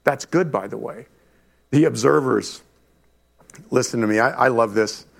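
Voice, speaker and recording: A middle-aged male pastor preaching a lively sermon to his congregation, talking straight to the room with quick asides. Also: medium pitch, vocal fry. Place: church before a congregation.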